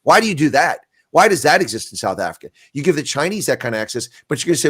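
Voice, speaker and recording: A man's voice: on the high side, sing-song, a bit bright, slightly rough, dry recording, studio quality. A man, a retired colonel and intelligence analyst, making blunt, emphatic arguments in a frank political discussion over a video call. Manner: blunt, emphatic, rapid-fire arguing.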